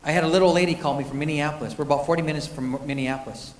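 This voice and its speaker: A man's voice: a little high, fairly even intonation, racing. A man sharing a personal faith testimony, telling it earnestly with frequent restarts. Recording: echoey hall from a distance.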